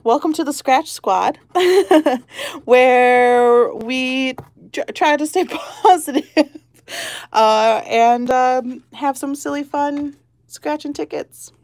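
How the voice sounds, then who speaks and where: A woman's voice: sits high, takes it slowly, a little mellow, no echo. A woman hosting a lottery-ticket channel, chatting casually and giggling as she calls out numbers one by one. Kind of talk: casual chat while scratching tickets.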